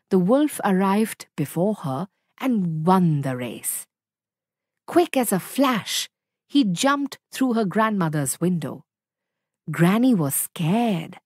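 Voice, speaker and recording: A woman reading a children's story aloud in a slow, clear and expressive narration, recorded on a close mic. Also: mid-range voice, dry recording.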